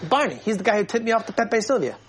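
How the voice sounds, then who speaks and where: An actor playing a frantic, paranoid male mailroom worker in a sitcom scene, ranting and shouting. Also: sits high, very animated, quick pace, slight background noise. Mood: manic.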